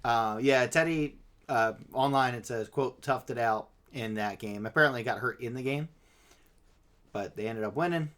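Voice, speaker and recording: A man's voice: mid-range voice, moderate pace, a bit bright. A man in casual sports chat, analysing players and stats with hesitant fillers. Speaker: podcast co-host.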